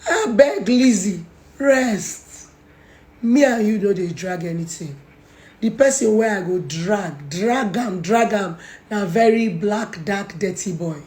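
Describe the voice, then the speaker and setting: A woman's voice: medium pitch, slow pace, darkish tone, echoey room. A young woman with a Nigerian accent, mocking and scolding someone in a confrontational call-out video. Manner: mocking, scolding, Pidgin-heavy. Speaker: social media personality.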